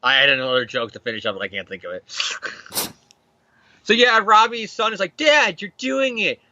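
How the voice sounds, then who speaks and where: A man's voice: medium pitch, huge pitch swings, moderate pace, pushed and bright, dry recording, highs cut off. A man hosting a casual comic book recap show, rambling, laughing often and acting out characters. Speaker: podcast host.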